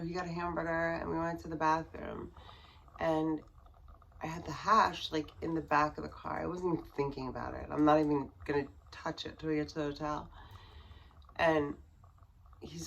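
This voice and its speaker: Woman, low register, vlogger recounting a personal story, loose and filler-heavy, sinks to a hush when it gets tense. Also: vocal fry, slight background noise, low-quality recording. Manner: rambling, peppered with fillers; voice drops to near whispers at tense moments.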